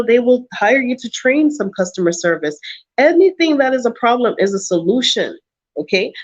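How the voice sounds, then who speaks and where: Her voice on the high side, a woman vlogger lectures her live chat audience with blunt advice, driving points home by repeating lines in an emphatic, preachy tone. The recording is muffled.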